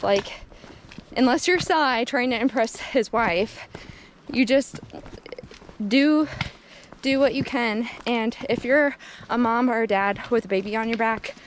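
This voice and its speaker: A woman's voice: fairly high pitch, measured pace, pauses often, slight background noise. A young woman from Minnesota with a mix of Minnesota and Southern accent, chatting casually on an outdoor trail and laughing often. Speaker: hiking vlogger. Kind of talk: casual vlog chat on a trail.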